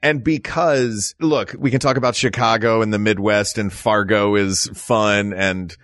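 A man hosting a podcast, chatting and joking in an animated way. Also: lowish voice, a little slow, no echo. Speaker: podcast host. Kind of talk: casual chat.

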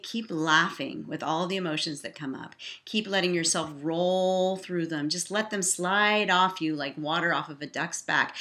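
A woman teaching a guided laughter exercise, cheery and encouraging, breaking into loud laughs and cheers. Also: fairly low pitch, normal speed, hardly any pauses.

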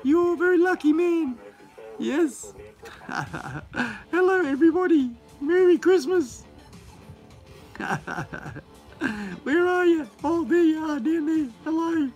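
A man voicing a cheerful little male skull mascot in a squeaky, gleeful, childlike voice. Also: expressive, slow pace, pauses often, a little mellow, soft background music, exaggerated voice.

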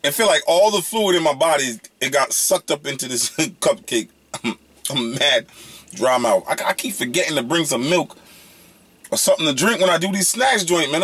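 Husky, excitable young man reviewing snacks. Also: medium pitch. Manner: excitable, slangy, loud whoops. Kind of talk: casual food review vlog.

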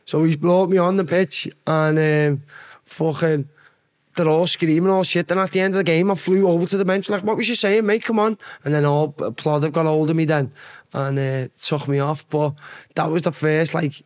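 Scouse guy spinning a story, swears a lot, voice sits a bit high. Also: fairly even intonation, moderate pace, darkish tone. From Liverpool, England. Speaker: guest, former footballer. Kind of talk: casual storytelling.

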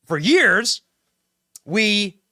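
A man's voice: sits high, big pitch swings, bright, forceful tone, no echo, clean studio sound. A man hosting a political commentary show, talking emphatically and straight to his audience. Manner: emphatic, fast-talking, addresses audience directly.

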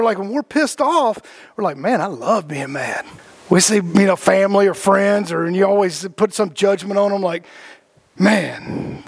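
A man leading a casual spiritual group talk, rambling with lots of fillers and the odd swear word. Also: high-pitched. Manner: rambling, heavy on fillers and cussing.

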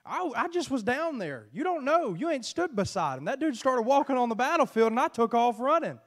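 A preacher voicing a scared, mocking older brother who belittles his young sibling with rapid incredulous questions. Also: very high-pitched, very animated, pitched above the performer's own voice, heavily acted. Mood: scornful.

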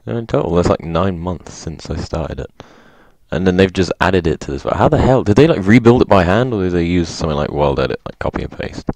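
Low-voiced excitable gaming man. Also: a little fast, no echo. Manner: excitable, reads in-game signs aloud, laughs often. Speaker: gaming video host. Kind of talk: casual gameplay commentary.

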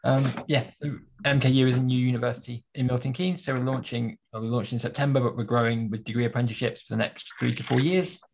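Male university staffer, husky and gravelly, speaks fast on a call. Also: medium pitch, steady tone. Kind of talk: casual video call chat. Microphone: video call.

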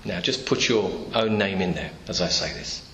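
A man's voice: low-pitched, moderate pace, pushed and bright, slight background noise. A man preaching a sermon in a church, telling the story through imagined dialogue. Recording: echoey church room, faint ambience.

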